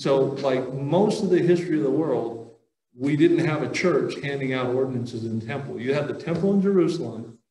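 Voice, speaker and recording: A man's voice: medium pitch, dark tone, distant mic. Joking man speaking in a roomy hall. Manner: loose and joking, lots of fillers and restarts. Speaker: conference speaker. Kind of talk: casual religious talk with audience questions. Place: conference hall. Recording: roomy hall audio, voice heard from afar.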